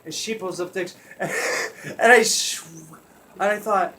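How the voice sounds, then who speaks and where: A man hosting a talk show, telling a comic story in an animated way, often laughing as he talks and swearing freely. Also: sits high, slow pace, a little hiss or hum. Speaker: podcast host. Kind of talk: comedic storytelling.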